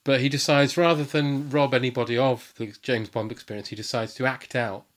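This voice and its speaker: A man's voice: medium pitch, fairly even intonation, brisk. A man chatting as a podcast guest, enthusiastic and rambling, with lots of fillers and restarts. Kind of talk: casual chat.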